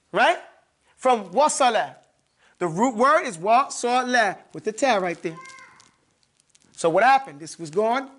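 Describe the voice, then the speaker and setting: A man's voice: high voice, fairly bright tone. A man teaching a classroom grammar lesson, repeating words and often checking that students follow. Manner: repetitive, checks understanding with "okay?" and "you follow me?". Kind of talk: classroom lesson, explaining at a board.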